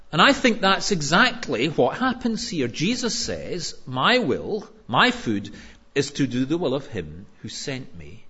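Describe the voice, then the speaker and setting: A man preaching a sermon in a lively, conversational storytelling way with touches of humor. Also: on the high side, breathy edge, muffled recording.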